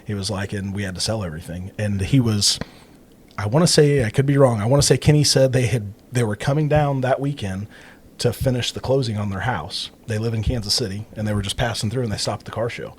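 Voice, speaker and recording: Husky fast-talking man telling a story. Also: medium pitch. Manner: rambling, many fillers and restarts. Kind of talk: casual storytelling chat.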